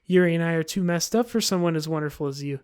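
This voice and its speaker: A woman's voice: lowish voice, darkish tone, lightly acted. Woman reading bossy club president Monika. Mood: hypnotic. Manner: bossy, brisk.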